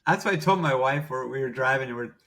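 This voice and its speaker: A man co-hosting a podcast in casual chat, relaxed and teasing. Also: mid-range voice, quick pace. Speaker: podcast co-host.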